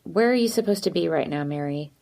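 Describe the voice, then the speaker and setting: A woman's voice: lowish voice, lively intonation, brisk, gravelly, darkish tone. A woman voicing a blunt, tough teenage girl who talks in a sarcastic, direct way.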